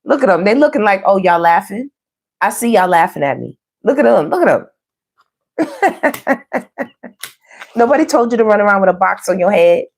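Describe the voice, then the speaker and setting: A woman's voice: medium pitch, very animated, fast, creaky. Chatty, playful woman tarot reader. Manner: playful, chatty, laughs often, addresses viewers as y'all. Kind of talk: casual online tarot reading.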